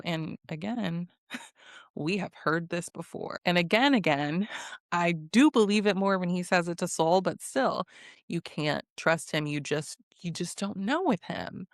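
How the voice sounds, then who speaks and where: Sassy low-voiced woman recapping TV. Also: lively intonation, a little slow, no echo, clean studio sound. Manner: blunt, sassy, profane, often laughing. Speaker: reality TV recap host. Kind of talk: casual TV recap commentary.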